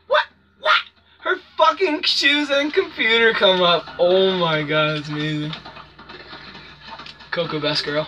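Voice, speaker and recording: A gamer giving casual, profane gameplay commentary, yelping and shouting whenever the game goes wrong. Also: medium pitch, lively intonation, unhurried, long pauses. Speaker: let's play gamer. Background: game music.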